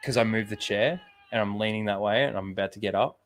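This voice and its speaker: A man's voice: on the low side, fast talker, a bit bright. A man hosting a livestream in casual chat, swearing freely and rambling as he stalls for time. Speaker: livestream host.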